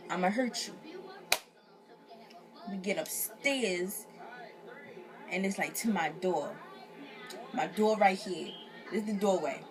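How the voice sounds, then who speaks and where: A young woman vlogger casually telling a personal story, slangy and profane, acting out what people said. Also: fairly low pitch. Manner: animated, slangy, profane, acts out quotes.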